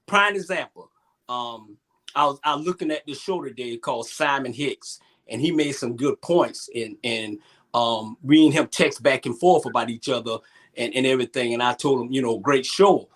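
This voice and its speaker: A man speaking in an earnest, halting way on an emotional panel talk show, repeating himself as he tells a story. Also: mid-range voice, a bit bright. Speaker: youth basketball coach, co-host.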